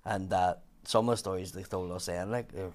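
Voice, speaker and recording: A man with a Belfast accent, a comedian telling a sweary, animated story in casual chat. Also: low voice, brisk. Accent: Northern Irish, Belfast. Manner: swearing, animated storyteller, laughing through lines. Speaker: comedian guest.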